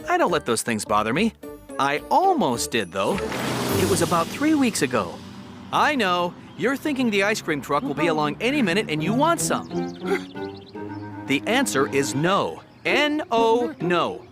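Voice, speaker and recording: A man's voice: high-pitched, wildly swooping pitch, a little slow, over music, exaggerated voice. An actor playing a meek, good-natured young man in a cartoon, who gets flustered and stammers. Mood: earnest. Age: young adult. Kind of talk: cartoon voice acting.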